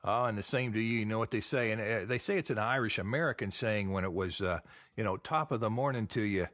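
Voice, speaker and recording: A man's voice: lowish voice, fast talker, a bit bright, no echo. A man hosting a genealogy show, talking in a folksy, chatty way with a lot of fillers. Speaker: podcast host. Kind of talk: casual chat.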